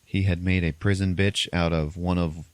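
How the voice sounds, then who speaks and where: Deep-voiced man rambling through a movie recap. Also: steady tone, normal speed, dry recording. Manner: rambling, filler-heavy retelling. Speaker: podcast host. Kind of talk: casual chat, recapping a movie.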